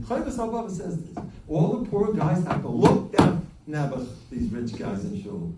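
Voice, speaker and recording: A man's voice: on the high side, very animated, normal speed, heavy background noise. An older man, a rabbi giving a joking, self-deprecating holiday talk to a gathering. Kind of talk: humorous Chanukah talk. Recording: roomy hall from a distance with faint ambience.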